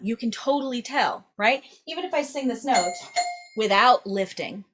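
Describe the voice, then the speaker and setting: A woman's voice: a little high, animated, normal speed, background noise. Upbeat woman singing teacher, constant "right?". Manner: upbeat, checks in with "right?" constantly, demonstrates sounds. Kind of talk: vocal lesson to camera.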